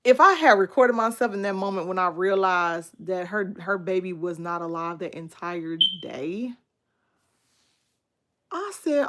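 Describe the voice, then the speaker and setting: A young adult woman chatting casually with viewers during a livestream, animated and talkative, thanking people by name and sliding into baby talk with her son. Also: lowish voice, a little slow. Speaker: livestream host.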